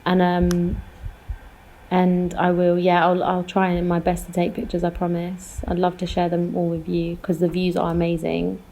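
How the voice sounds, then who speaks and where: A young woman, co-hosting a casual podcast chat and telling animated, slangy stories. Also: fairly low pitch, a little hiss or hum. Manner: animated storyteller, slangy and quick. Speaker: podcast co-host. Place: calling in from abroad.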